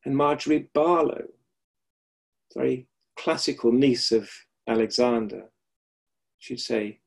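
A middle-aged man with a gravelly, slightly husky voice teaches over a video call. He speaks reflectively and often repeats a key phrase for emphasis. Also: medium pitch, measured pace, long pauses, a little mellow. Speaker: Alexander Technique teacher. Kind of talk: webinar lecture with anecdotes.

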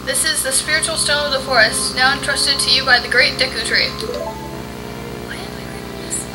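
A woman with a high voice tossing out sarcastic quips while playing a game with friends. Game music sounds clearly behind her. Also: steady tone, brisk, low-quality recording. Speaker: let's play co-host. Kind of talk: casual gameplay commentary.

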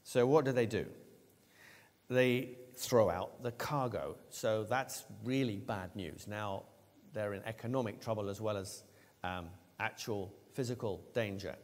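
A man preaching a sermon, retelling a story with lively, acted-out voices for the characters. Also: on the low side, unhurried. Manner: animated storytelling, acting out quoted lines. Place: church. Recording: long church reverb.

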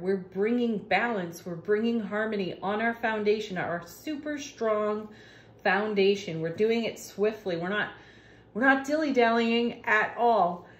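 A woman reading tarot cards in a casual, gushing way, laughing often. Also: a little high. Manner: slow, warm-hearted, laughs often, gushing about the cards. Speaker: tarot reader. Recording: echoey room.

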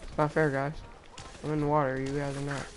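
A young man commenting loudly on his gameplay, reacting and trash-talking as he plays. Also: on the high side, completely flat delivery, brisk, soft background music. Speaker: gamer.

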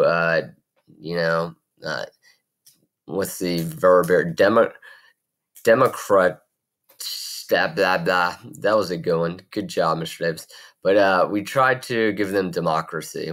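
A man's voice: deep voice, fairly even intonation, normal speed, fairly bright tone. A man teaching a recorded geography video lesson in a chatty, rambling way with jokey asides.

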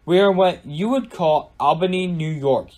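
A man's voice: fairly high pitch, moderate pace, a little mellow, pitched above the performer's own voice, natural voice. A man voicing a wise wizard mentor who gives solemn, commanding instruction. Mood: stern. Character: ancient wise wizard mentor, stern and calm.

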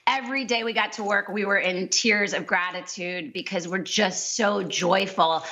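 A woman's voice: medium pitch, normal speed, pushed and bright, muffled recording. A woman guest speaking enthusiastically and heartfelt in an interview. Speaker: guest actor.

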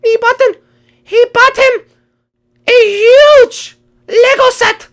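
A melodramatic young black cat boy with a vengeful streak, played by a woman. The voice sits extremely high and bursts into shrieks before dropping to low mutters of revenge, in a playful game role-play. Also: fairly even intonation, slow. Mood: aggrieved.

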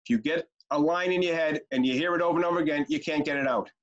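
A man's voice: fairly high pitch, rapid-fire. A middle-aged man leading a training webinar, telling stories and chanting short rhymes with lots of energy. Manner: animated, chanting rhymes, storytelling. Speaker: youth care trainer. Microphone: video call. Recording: dull lo-fi webinar audio.

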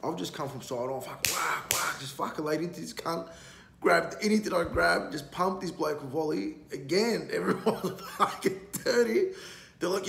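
Man, podcast guest, gravelly and foul-mouthed, rambling storyteller, roomy echo. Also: a little high, moderate pace, fairly bright tone. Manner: blunt, heavily profane, rambling. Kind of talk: casual storytelling. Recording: roomy echo, faint background noise.

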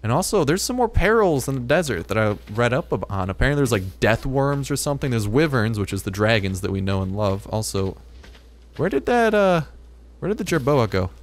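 A gaming video host talks excitedly over his own play in a voice of middling pitch for a man. He is chatty and loose, often starting a phrase twice before finishing it. The sound is a plain desktop microphone at home. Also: fairly quick. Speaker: gaming YouTuber. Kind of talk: excited let's-play commentary.

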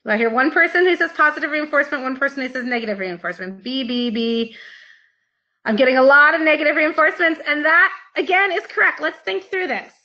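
A woman teaching a psychology class in a lively, playful way, often acting out a screaming child to make her point. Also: sits high, a little fast, muffled recording. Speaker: psychology lecturer. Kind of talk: live online class lecture.

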